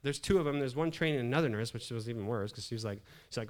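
A middle-aged man preaching to a congregation, turning a personal story into a lesson. He laughs often and keeps things loose and animated. His voice sits in an ordinary middle pitch. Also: quick pace. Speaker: pastor. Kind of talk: humorous sermon storytelling.

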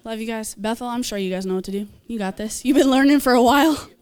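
A woman's voice: fairly high pitch, fast talker, a little mellow, clean tone. A woman preaching and leading prayer at a church gathering, earnest and encouraging, with small asides and laughs. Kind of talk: sermon and altar call.

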